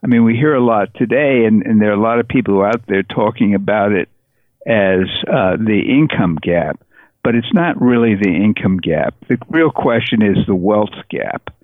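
A man talks through his ideas as a podcast guest, pausing and restarting as he searches for the words. His voice comes over a tinny, phone-like connection. The sound is dry and close, with no room echo. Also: fairly low pitch, animated. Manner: thoughtful, halting, many restarts. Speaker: author, interview guest. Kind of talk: podcast interview.

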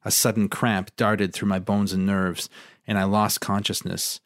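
A man reading a story passage aloud and discussing it in a measured way. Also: lowish voice, flat delivery, no room sound, clean studio sound.

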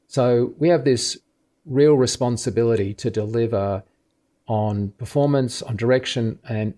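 A man's voice: medium pitch, warm tone. A man being interviewed as an expert, explaining carefully step by step with casual fillers. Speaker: guest expert on film dubbing.

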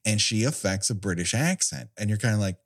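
Animated joking man, low voice. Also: fairly quick, creaky. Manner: jokey, animated, laughs often. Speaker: podcast co-host. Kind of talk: casual chat.

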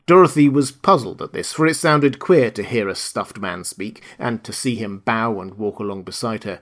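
Calm male storybook narrator. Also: fairly low pitch, normal speed, few pauses.

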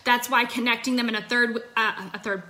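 Bright, upbeat young woman coaching. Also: fairly high pitch, fairly even intonation, a little fast. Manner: chatty, lots of fillers, upbeat. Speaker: sales coach. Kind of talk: casual livestream coaching talk. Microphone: phone.

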